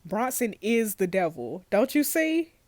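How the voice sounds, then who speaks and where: A woman voicing a remorseful male detective who confesses to murders, reading game dialogue in a low, even voice. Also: unhurried, no echo. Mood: grim.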